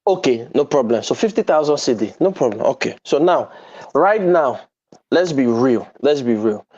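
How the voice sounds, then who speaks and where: A man's voice: mid-range voice, lively intonation, normal speed, darkish tone. A man, hosting a heated panel debate, emphatic and provocative, sometimes slipping into pidgin. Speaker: host. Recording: dull lo-fi sound.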